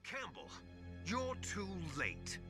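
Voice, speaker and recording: A man's voice: high-pitched, huge pitch swings, slow, over music, full character voice. An actor playing a theatrical, mocking male villain in a video game, speaking with a put-on British accent and curling his sentences upward. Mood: gloating. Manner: gloating, upward curl at sentence ends.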